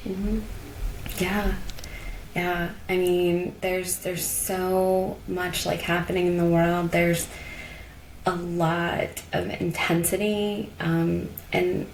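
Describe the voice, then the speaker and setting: Slow and flat, her lowish, gravelly voice tells personal stories on a podcast where she's a guest. The Colorado woman sounds reflective and heartfelt in casual conversation, using many "like" and "you know" fillers, recorded in an echoey room with a little hiss or hum.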